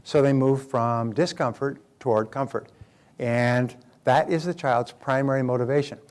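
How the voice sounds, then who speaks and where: A man's voice: medium pitch, steady tone, moderate pace, a little mellow. An older man giving a motivational seminar talk who often repeats and restarts words and acts out the voices he quotes. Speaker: motivational speaker.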